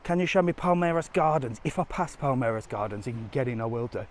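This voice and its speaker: Filming on a handheld phone, a man rambles cheekily through a live walk along a seaside resort promenade. His medium-pitched voice is fast and lively, with a little hiss or hum.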